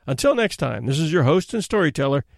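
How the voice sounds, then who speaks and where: A man who hosts a podcast and narrates a classic short story in an expressive, dramatic storytelling manner. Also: a little high, quick pace, gravelly, dry recording, clean studio sound.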